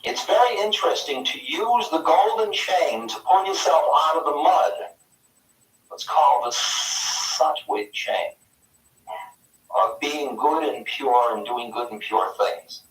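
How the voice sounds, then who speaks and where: A man giving a live spiritual talk in a conference hall, animated and playful, swinging between loud bursts and soft whispers. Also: a little high, slow pace. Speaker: spiritual teacher. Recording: echoey hall, mic far off.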